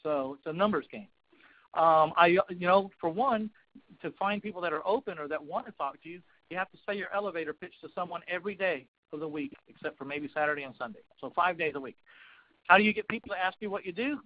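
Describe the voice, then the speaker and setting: A man with a high voice tells folksy stories as a guest on a webinar about investing. His audio is dry and dull, with the lo-fi sound of an online call. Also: fast talker, dry recording. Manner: folksy, animated storytelling. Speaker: real estate investing coach, guest. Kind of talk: webinar talk.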